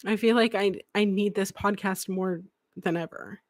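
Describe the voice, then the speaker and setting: A woman's voice: mid-range voice, fairly even intonation, moderate pace, a little mellow, no echo, studio quality. Blunt, emotional woman podcaster. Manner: emotional, blunt, swears freely. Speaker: podcast host. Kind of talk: candid live podcast monologue.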